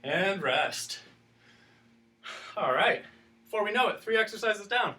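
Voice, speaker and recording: Male teacher, somewhat high voice, kid-friendly workout instructor, slightly out of breath, distant mic. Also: expressive, unhurried, sharp tone. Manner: encouraging, counts down reps, explains as he exercises. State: breathing heavier from exercise. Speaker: teacher leading a class workout. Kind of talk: instructional exercise video.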